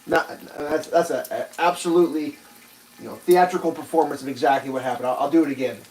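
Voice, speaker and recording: Guy rambling through a road story on a cooking stream, swears a lot, voice sits a bit high. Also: fast, husky, poor audio. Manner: rambling, swears, acts out quotes loudly. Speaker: livestream host. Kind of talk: casual storytelling while cooking.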